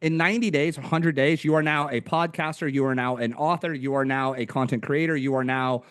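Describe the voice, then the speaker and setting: A young American man, a podcast guest, telling stories in a slangy, energetic, casual way. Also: medium pitch, a little fast, clear, resonant tone, dry recording, clean studio sound. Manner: energetic, slangy storyteller, says "dude" a lot. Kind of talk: casual interview chat.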